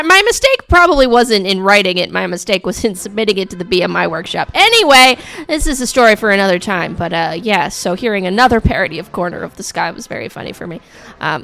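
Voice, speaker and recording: A woman's voice: medium pitch, sharp tone. A woman radio host with a scratchy, coughing voice, back-announcing songs in a rambling, chatty way full of fillers.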